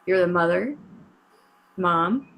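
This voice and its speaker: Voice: medium pitch, lively intonation, gravelly, a bit bright, poor audio. A player giving charades hints over a video call, hesitant and searching for words. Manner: slow, hesitant guessing and hinting. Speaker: guest player. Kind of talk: acting out charades clues.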